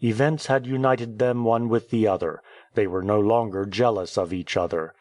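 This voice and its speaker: A man reading a classic novel aloud as an audiobook narrator, steady and measured. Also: on the low side, dry recording. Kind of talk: scripted narration.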